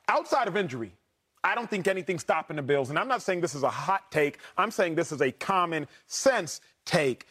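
Man hosting a sports show, emphatic and energetic, voice a little higher than usual. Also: brisk. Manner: energetic, emphatic, steers the talk. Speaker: sports talk show host.

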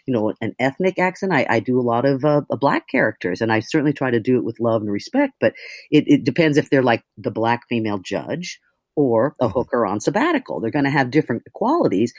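An audiobook narrator talking casually in an interview, chatty and quick to act out quotes. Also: mid-range voice, no room sound, studio quality. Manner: chatty, animated storyteller who acts out quotes.

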